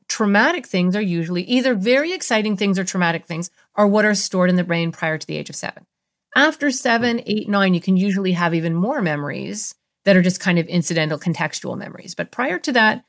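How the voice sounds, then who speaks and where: A middle-aged woman, a therapist, explaining ideas in a podcast interview and acting out little voices in her examples. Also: medium pitch. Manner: animated, acts out voices in examples.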